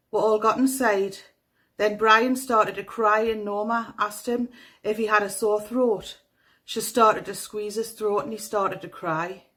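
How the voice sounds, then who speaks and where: A woman's voice: fairly high pitch, pitched above the performer's own voice, natural voice. A woman with a Northeast English accent reading aloud a young girl's statement to the police, in a matter-of-fact voice. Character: young girl giving a flat police statement.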